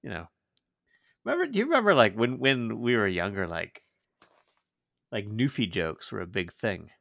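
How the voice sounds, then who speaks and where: A man's voice: fairly low pitch, sing-song, normal speed, creaky, a bit bright, no room sound, studio quality. A man co-hosting a podcast in casual chat, wry and self-deprecating, stumbling over repeated words as he thinks. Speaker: podcast co-host.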